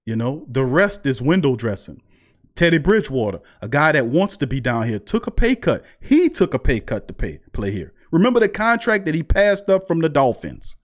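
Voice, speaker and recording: A man hosting a live sports talk stream, heated and repeating rhetorical questions to his chat. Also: fairly high pitch. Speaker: sports show host.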